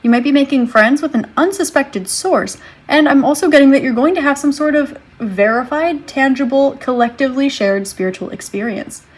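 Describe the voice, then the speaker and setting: A woman giving a tarot reading to her viewers, speaking in a gentle, reassuring way and thinking aloud as she draws cards. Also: high-pitched, moderate pace. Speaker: tarot reader.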